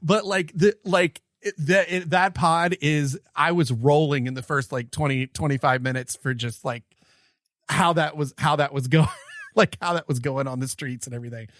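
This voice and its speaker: In clean studio sound with no room tone, a man with a slightly high, somewhat bright voice co-hosts a casual podcast. Speaking at a normal speed, he retells stories in a rambling, filler-heavy way, laughing throughout.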